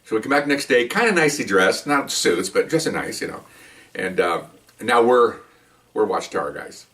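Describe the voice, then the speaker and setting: A man's voice: medium pitch, very animated, moderate pace, fairly bright tone, distant mic. An older man, a retired police officer, telling a long story from his career in a rambling, chatty way, full of restarts and "okay?" asides. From Mexican heritage, raised in the US. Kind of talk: casual first-person storytelling to camera.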